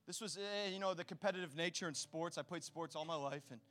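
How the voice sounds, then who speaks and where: A man preaching a sermon to his congregation, energetic and direct, with casual slang mixed into his preaching. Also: fairly high pitch, fast, faint music behind. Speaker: pastor.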